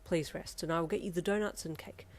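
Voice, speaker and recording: In a fan fiction audio reading, a woman voices a caring teenage boy who talks in careful, formal phrases. He is polite and a little stiff, and his voice stays soft and steady. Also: fairly low pitch, fast, natural voice. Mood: gentle.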